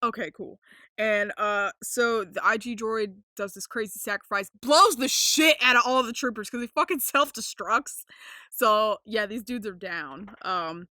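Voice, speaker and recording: A young woman hosting a casual podcast, rambling with lots of fillers, swearing freely and getting excited. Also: a little high, measured pace, no echo, clean studio sound. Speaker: podcast host.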